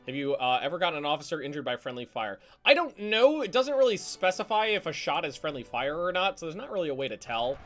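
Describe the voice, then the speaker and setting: A man giving live commentary on a strategy game, talking in halting restarts with casual swearing and barking quick orders to his units. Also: a little high, very animated, a bit bright, soft background music. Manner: barks quick orders to units, voice jumps up when alarmed. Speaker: streamer.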